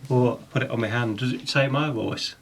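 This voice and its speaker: A man's voice: mid-range voice, moderate pace, gravelly, slight background noise. A man playing a dwarf in a tabletop game, eager and chatty. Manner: eager, animated. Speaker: player. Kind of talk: casual tabletop play.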